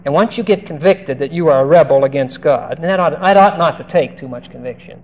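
A man with a slightly high voice preaches briskly and emphatically through a Bible passage, drawing out key words and firing direct questions at his listeners. The recording is dull and lo-fi, with faint hiss.

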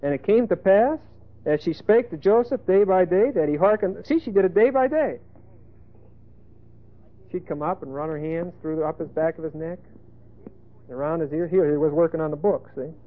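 A male preacher giving a folksy sermon, emphatic, with sudden loud bursts and asides. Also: fairly high pitch, normal speed, long pauses. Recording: tinny phone-like lo-fi sermon tape.

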